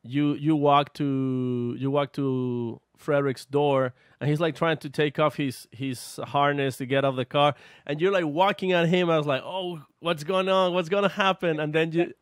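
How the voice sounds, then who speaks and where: A man's voice: a little high, steady tone, moderate pace, few pauses, smooth, no echo, clean studio sound. A man co-hosting a podcast, telling a story animatedly and laughing often. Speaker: podcast co-host. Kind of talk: casual podcast chat.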